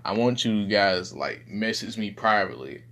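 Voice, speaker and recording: A young man, rambling casually and profanely in a low-key, self-deprecating way. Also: lively intonation, normal speed, fairly bright tone. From Southern United States. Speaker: vlogger.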